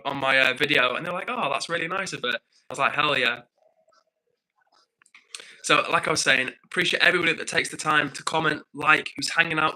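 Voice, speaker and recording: A man's voice: a little high, sharp tone, low-quality recording. A young man hosting a live stream, reading viewer comments in a friendly, upbeat, chatty way.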